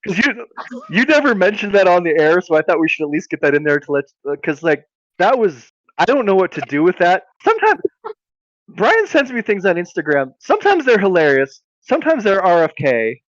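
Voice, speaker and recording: A man's voice: high voice, big pitch swings, a little fast, no room sound, lo-fi sound. A man co-hosting a comedy podcast in casual chat, often breaking into laughter and exclamations. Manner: reacts with bursts of laughter and exclamations. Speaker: podcast co-host.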